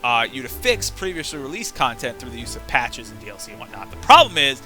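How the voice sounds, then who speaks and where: A man's voice: mid-range voice, very animated, fast talker, bright, forceful tone, soft background music. A young man streaming a game, casually talking through his play with chatty, muttered asides. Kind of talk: casual live gameplay commentary.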